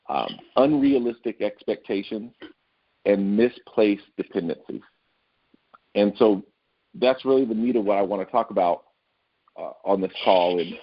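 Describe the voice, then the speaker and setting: Low husky man telling a story. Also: highs cut off. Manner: animated storyteller who acts out quoted people. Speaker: guest speaker on a team call. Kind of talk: storytelling training talk.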